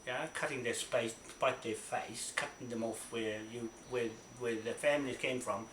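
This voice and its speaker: In a fairly bright, mid-range voice with fairly even intonation and normal speed, a New Zealander vents into his own camera. He swears, goes over the same points again, and keeps asking "right?", all recorded in an echoey room with some faint noise.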